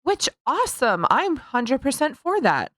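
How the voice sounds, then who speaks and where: A woman's voice: sits high, very animated, measured pace, a bit bright, no echo, studio quality. A middle-aged woman, co-hosting a podcast in casual, blunt, profane chat, laughing often. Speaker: podcast co-host.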